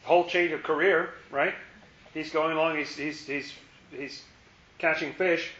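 A man's voice: a little high, fairly even intonation, measured pace, fairly bright tone. A man leading a Bible study in a conversational way, repeating words and asking his listeners questions. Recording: echoey room, muffled lo-fi sound.

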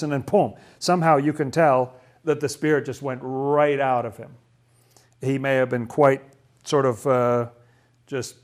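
A man leading a casual Bible study, talking through a passage and asking lots of questions, with frequent restarts. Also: mid-range voice. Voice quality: asks lots of questions, chatty, stumbles and restarts.

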